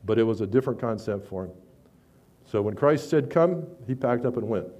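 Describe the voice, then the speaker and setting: A man preaching a sermon, conversational with stammered restarts, rising loud when he reads scripture. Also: mid-range voice, lively intonation, fairly quick.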